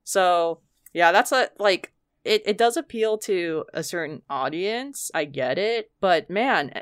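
A woman's voice: fairly low pitch, expressive, slow, smooth, no room sound, studio quality. A woman chatting casually on a podcast, blunt and swearing often, with plenty of fillers.

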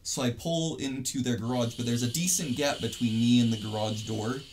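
A man's voice: medium pitch, moderate pace, a little mellow, slight background noise. A young man telling a story in casual chat, rambling and swearing with lots of restarts. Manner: rambling, profane, many restarts.

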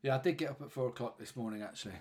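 A man's voice: mid-range voice, racing, darkish tone. Brief: man, casual podcast co-host, self-deprecating, rambling delivery. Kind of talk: casual chat.

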